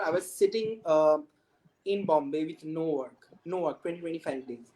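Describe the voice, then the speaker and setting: A man's voice: fairly high pitch, a little mellow. Talkative indian english guy in his 30s, telling stories, laughing, noisy clicky audio. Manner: very talkative, laughs often mid-story. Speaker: film director, guest. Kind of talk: casual storytelling.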